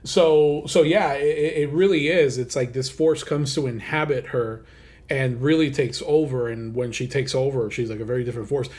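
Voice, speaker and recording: A man's voice: mid-range voice, normal speed, a little mellow. A man co-hosting a countdown list show, talking in an enthusiastic, loose way with lots of casual fillers. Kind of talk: casual chat.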